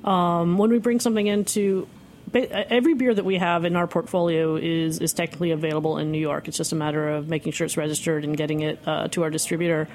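A woman guest in a radio studio, talking casually with many pauses and restarts. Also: sits low, little pitch movement, a little mellow, slight background noise. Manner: hesitant, lots of ums and restarts. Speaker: beer importer guest.

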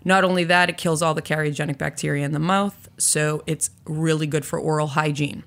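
A woman's voice: low voice, fairly quick. A woman in her forties, a podcast guest chatting casually and acting out quotes in her stories. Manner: animated, acts out quotes. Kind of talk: casual storytelling chat.

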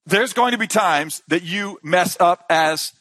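Casting: male pastor with a high, bright voice, dry close sound, lively sermon delivery. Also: a little slow, no room sound. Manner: animated preaching, voices Jesus and disciples in quotes, drops to hushed emphasis. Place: conference hall.

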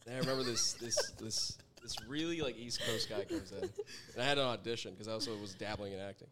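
A man's voice: mid-range voice, fast talker, crowd noise. A young adult man, a chef guest, telling a rambling story in a casual interview, laughing often and swearing freely.

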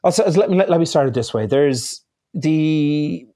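A man's voice: a little high, expressive, normal speed, mellow, dry recording. A man with an Irish accent, a chef guest in a casual conversation, who rambles and corrects himself as he tells stories. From Ireland. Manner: rambling, self-correcting storyteller.

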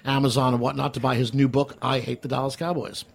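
A man co-hosting a casual radio talk show, with a gravelly, rough-edged voice and a husky grain. He trades wisecracks and laughs easily as he chats. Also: mid-range voice, little pitch movement, fast talker. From New Jersey. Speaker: co-host. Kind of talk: casual banter.

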